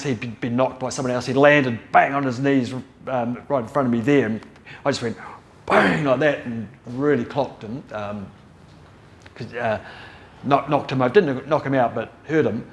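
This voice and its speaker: A man's voice: medium pitch, moderate pace. A middle-aged man telling rambling stories in a casual way, often breaking off and restarting his sentences. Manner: rambling, self-interrupting, laughs at own story. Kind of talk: casual storytelling.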